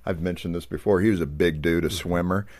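A man's voice: deep voice, steady tone, fast talker, a little mellow. A man hosting an interview, asking questions in an easygoing way, laughing often and sharing his own stories. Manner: easygoing, laughs often, shares personal anecdotes. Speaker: radio host interviewing guests. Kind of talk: conversational interview.

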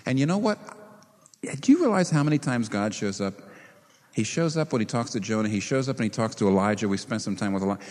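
A man delivering a sermon as pastor, his voice moving freely up and down as he presses his points. He keeps asking the congregation questions, animated throughout. The sound carries a long, echoing reverb, as in a large church sanctuary. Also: on the low side, quick pace. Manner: animated preaching with rhetorical questions. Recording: reverberant hall.

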